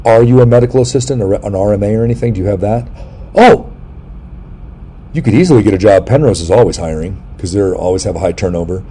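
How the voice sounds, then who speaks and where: A middle-aged man with a fairly low, warm, mellow voice hosts a casual chat, rambling through jokey stories and now and then yelping loudly. A faint hiss of noise sits under his voice. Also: fast talker. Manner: rambling, jokey storytelling with sudden loud yelps. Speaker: podcast host.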